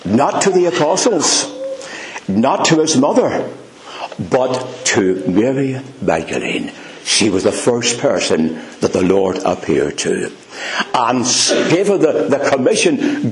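A Northern Irish man preaches with earnest, emphatic conviction. He takes his time, drawing each phrase out slowly. The room around him rings with echo. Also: mid-range voice, big pitch swings, a little hiss or hum. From Northern Ireland. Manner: earnest, emphatic preaching, addressing "dear friends". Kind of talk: sermon.

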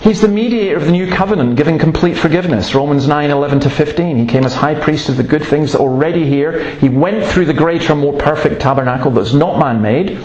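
A man's voice: a little high, fairly quick, few pauses, darkish tone, lo-fi sound. A man preaching a sermon in an earnest, emphatic way, breaking off to tell stories. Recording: roomy, echoey room sound.

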